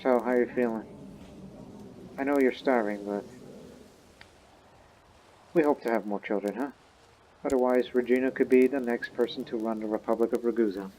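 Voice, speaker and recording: A man's voice: mid-range voice, steady tone, moderate pace, long pauses, warm tone, slight background noise. A man giving casual let's-play commentary on a strategy game, playfully acting out the game's characters as he goes. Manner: role-plays the game's characters in a joking tone. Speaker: gaming YouTuber.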